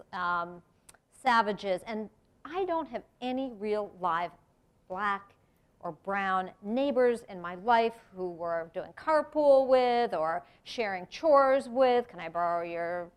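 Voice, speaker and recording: A middle-aged American woman giving a reflective public talk, with earnest delivery and sudden emphatic rises. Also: on the high side. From United States. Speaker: speaker giving a presentation on race. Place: lecture room.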